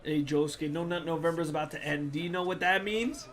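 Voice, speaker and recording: A man streaming, reading viewer-submitted jokes aloud with a loud, goofy, joking delivery. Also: on the high side, quick pace. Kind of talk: comedic reading on a livestream. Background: music playing.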